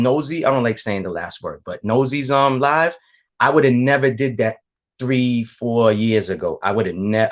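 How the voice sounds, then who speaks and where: A man in his forties drops into a live stream and talks loose and slangy, leaning hard on his points. His voice sits in an ordinary middle pitch. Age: 40s. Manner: loose, slangy, emphatic talk. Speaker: guest joining the stream. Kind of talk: casual live-stream chat.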